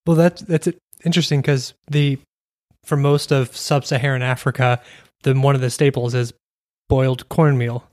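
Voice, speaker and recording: A man hosting an interview, asking follow-up questions and giving steady "mm-hmm" responses. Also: mid-range voice, normal speed, no echo, clean studio sound. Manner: attentive, prompting questions with steady back-channel responses. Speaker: interviewer, host. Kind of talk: casual conversational interview.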